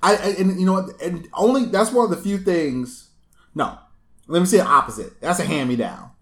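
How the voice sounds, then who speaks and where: A man hosting a casual chat, telling a long story with lively asides and laughs, recorded in his apartment. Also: high voice, a little fast. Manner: animated storyteller, acts out voices, laughs often. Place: small apartment room. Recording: echoey room.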